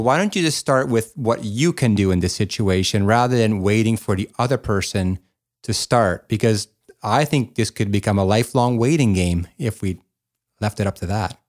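A man co-hosting a talk show, reflective and affirming, with halting restarts. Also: on the low side. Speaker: co-host. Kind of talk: casual chat.

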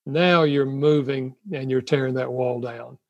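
A man's voice: medium pitch, fairly even intonation, a little slow, lo-fi sound. An older man giving marriage advice in a conversational talk, earnest, often laughing and acting out apologies. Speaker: marriage counselor guest.

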